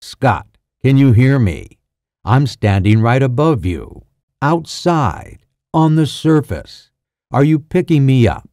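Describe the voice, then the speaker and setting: Commanding army major, tense and insistent, low-key dark voice, slow delivery, read by a male narrator. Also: big pitch swings, no echo, clean studio sound. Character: tense male soldier officer giving orders.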